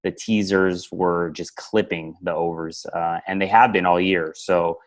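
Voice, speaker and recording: A man with a low voice hosts a sports betting podcast in casual chat. He talks loosely and conversationally, trailing off into fillers as he thinks. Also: fairly even intonation, a little slow. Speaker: podcast host.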